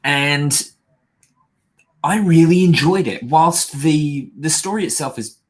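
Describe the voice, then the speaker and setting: A man's voice: on the high side, takes it slowly. A British man co-hosting a podcast, reviewing films with dry, teasing humor. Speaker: podcast co-host. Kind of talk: casual chat and film review.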